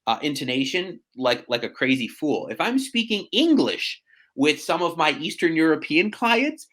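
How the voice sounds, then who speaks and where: A man, a real estate agent chatting as a podcast guest, animated and self-deprecating with quick asides. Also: on the high side. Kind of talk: casual podcast conversation.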